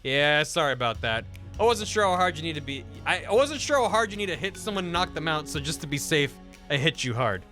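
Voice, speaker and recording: A man voicing a blunt, gruff male fish sidekick in a video game, speaking low and dry. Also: big pitch swings, fairly quick, pushed and bright, soft background music. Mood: deadpan.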